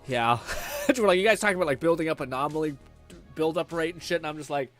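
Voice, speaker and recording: Young male streamer, animated, rambling chat, a little high, music bed underneath. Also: fast. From Canada. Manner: rambling, laughing, swearing, animated. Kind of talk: casual chat reading viewer comments.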